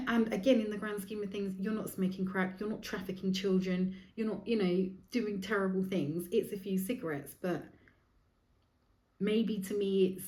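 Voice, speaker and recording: A woman's voice: mid-range voice, steady tone, normal speed, a little mellow, echoey room. A woman in her forties hosting her own podcast, talking in a rambling, frank way with plenty of swearing. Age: 40s. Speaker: podcast host. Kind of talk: candid solo podcast monologue.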